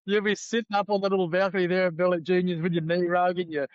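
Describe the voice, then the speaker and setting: A quick-talking Australian man with a slightly high voice, ribbing his co-host through a loose podcast chat. The audio is a touch muffled and dry. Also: level tone, smooth. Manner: fast, teasing, chatty. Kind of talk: casual chat.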